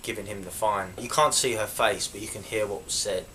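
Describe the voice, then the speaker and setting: A man's voice: fairly low pitch, steady tone, brisk, sharp tone, a little hiss or hum. A young man, a vlogger, telling a story to camera in a casual, indignant way. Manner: indignant, chatty retelling.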